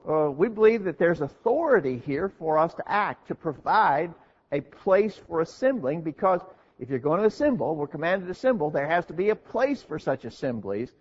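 A man's voice: on the high side, husky. A man preaching a sermon, earnest and explanatory, asking and answering his own questions. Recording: dull lo-fi recording.

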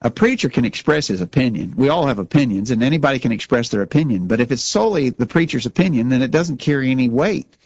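A man's voice: mid-range voice, expressive, fast, a little mellow, lo-fi sound. A man co-hosting a religious talk show, speaking earnestly and often repeating words as he starts a sentence. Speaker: radio show co-host.

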